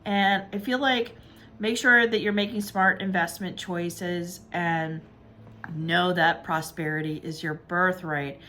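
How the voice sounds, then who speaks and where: A woman giving a casual tarot reading, upbeat and encouraging, chatting warmly to her viewers. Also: on the low side, fairly even intonation, slow, slight background noise. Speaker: tarot reader.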